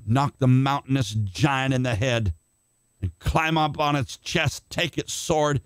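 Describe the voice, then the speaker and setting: An older man preaching a sermon with passion, rising to shouts and calling on listeners by name. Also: mid-range voice, slow pace, smooth, no echo. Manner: impassioned, shouting climaxes, calls on congregation by name.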